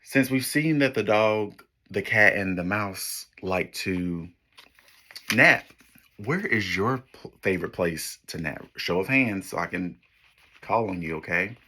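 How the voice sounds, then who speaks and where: A man's voice: low-pitched, expressive, a little slow, pushed and bright, a little hiss or hum. A man teaching young children, reading a picture book aloud to them in an encouraging way, praising them often and pointing out the pictures.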